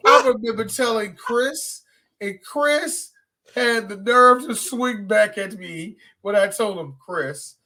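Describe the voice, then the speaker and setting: A man co-hosting a casual podcast chat, animated and acting out quotes in put-on voices. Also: high-pitched, takes it slowly. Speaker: podcast co-host.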